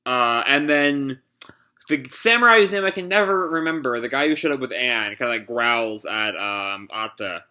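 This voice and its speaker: Bright-voiced young man reacting casually. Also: mid-range voice, expressive, moderate pace. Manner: casual, filler-heavy narration. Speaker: YouTuber. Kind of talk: live reading and reaction to a manga.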